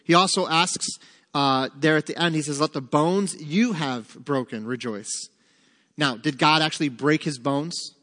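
A man's voice: on the high side, measured pace, bright, forceful tone, big-room sound. A man leading a Bible study, asking his listeners questions and then answering them himself. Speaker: Bible teacher. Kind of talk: interactive Bible study teaching.

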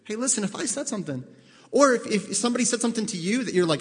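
A man's voice: sits high, animated, very fast, big-room sound. A male pastor preaching in a conversational way, asking the congregation direct questions and acting out both sides of conversations. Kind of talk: sermon.

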